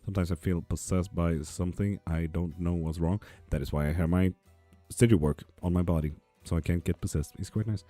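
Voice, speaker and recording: A man's voice: deep voice, steady tone, a little fast, few pauses, warm tone, soft background music. A man hosting a live tarot stream in his apartment, chatting casually and reading out viewer comments with sarcastic, profane humor. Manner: profane, sarcastic, laughs often.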